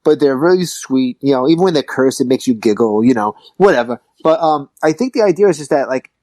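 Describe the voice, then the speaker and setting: A man's voice: medium pitch, animated, a little fast, darkish tone, no echo. A man hosting a podcast in casual chat, joking and swearing freely. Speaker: podcast host.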